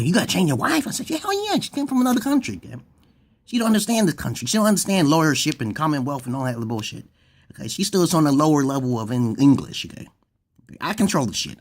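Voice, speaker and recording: In a vlog, a man delivers a rambling comedic monologue, cursing freely and wandering off topic. He often bursts out laughing and suddenly jumps into a high, excited voice.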